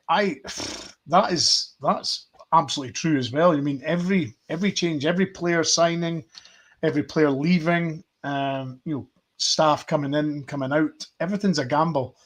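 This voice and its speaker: A man hosting a live fan podcast, thinking aloud in a loose, rambling way with plenty of fillers. His voice is fairly high for a man and audibly husky. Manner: thoughtful, rambling with fillers and sighs. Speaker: podcast host reading viewer messages. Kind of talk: casual football fan chat.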